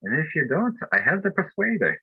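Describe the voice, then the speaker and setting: A man's voice: fairly high pitch, sing-song, fairly quick, vocal fry, breathy edge, no echo, phone-quality sound, pitched above the performer's own voice, exaggerated voice. A man putting on a teasing Irish wife. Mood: teasing threat. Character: stern Irish wife from a past life, teasing.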